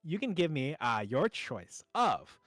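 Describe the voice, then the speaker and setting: A man running a tabletop game on stream. His pitch moves in a lively way, and he talks in an upbeat manner with plenty of fillers. The sound is dry and close, with faint music underneath. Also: a little slow, no room sound. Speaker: game master.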